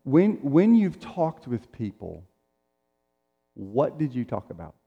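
A man's voice: mid-range voice, wildly swooping pitch, takes it slowly, creaky, slightly rough, dull audio. A middle-aged man preaching a sermon in a conversational way, acting out the quotes he tells. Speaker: pastor. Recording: long reverb of a large hall.

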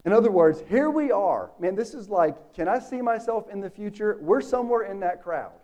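A man preaching a sermon, casual and animated, acting out the dialogue in the story. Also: high voice, moderate pace, highs cut off.

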